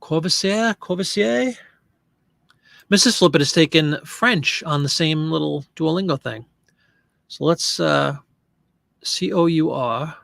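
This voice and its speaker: A man's voice: a little high, gravelly, fairly bright tone, no echo, studio quality. A man casually talking through an online listing session, joking and fumbling over French pronunciation. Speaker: online reseller listing print ads.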